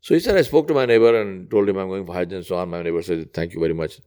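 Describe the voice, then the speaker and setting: A man preaching in a conversational storytelling way, retelling an old tale with lively quoted dialogue. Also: racing, clear, resonant tone. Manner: conversational, rising high when quoting characters. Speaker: Islamic preacher. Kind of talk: storytelling sermon.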